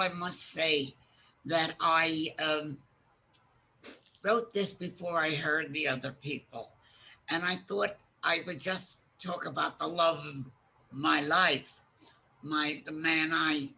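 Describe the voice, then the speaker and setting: A woman in her eighties giving a slow, halting, heartfelt personal monologue. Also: low-pitched, vocal fry, pushed and bright, slight background noise, rough recording. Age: 80s.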